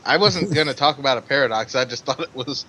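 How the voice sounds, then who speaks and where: A man playing a tabletop game and chatting casually in a lively, easygoing way. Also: mid-range voice, fast, background noise. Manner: lively, laughs easily. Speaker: player.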